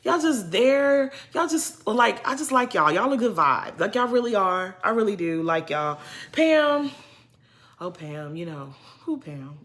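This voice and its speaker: Young woman, casual reaction vlogger, animated and exasperated, bright forceful voice, higher pitch. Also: unhurried. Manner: animated, exasperated, talks straight to the people she discusses. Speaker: reality TV commentator.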